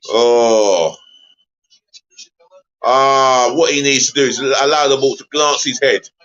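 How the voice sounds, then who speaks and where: A man hosting a live football watch-along stream, chatty and easily exasperated, giving viewers shout-outs. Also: mid-range voice, muffled recording.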